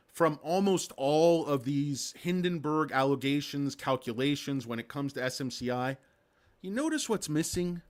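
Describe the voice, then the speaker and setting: A man's voice: a little high, animated, moderate pace. A man hosting a casual stock market livestream, rambling and sarcastic, with crude jokes and lots of fillers.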